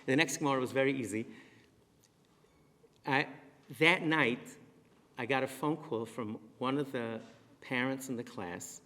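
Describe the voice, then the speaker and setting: A middle-aged man, a rabbi, giving a lively storytelling talk to a live audience and repeating phrases for emphasis. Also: mid-range voice, measured pace, pauses often. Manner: animated, repeats himself for emphasis. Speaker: rabbi and speaker. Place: synagogue hall with a live audience. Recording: long reverb in a synagogue hall.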